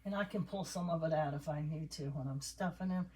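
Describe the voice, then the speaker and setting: A deep, slightly mellow voice, a little fast, belongs to an older woman making a doll by hand. She chats casually with viewers while stuffing and assembling it, with slight background noise in this crafting vlog.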